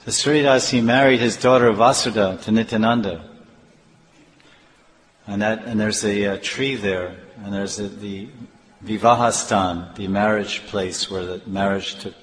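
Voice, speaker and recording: A man telling devotional stories in an animated sermon, with halting restarts. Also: fairly low pitch, a little hiss or hum. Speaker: devotional storyteller. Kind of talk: storytelling sermon. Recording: echoey hall, faint ambience.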